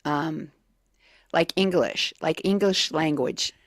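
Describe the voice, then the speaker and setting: A woman's voice: sits low, slow, no room sound. A woman co-hosting a morning radio show, reading trivia questions hesitantly with many fillers in a radio studio.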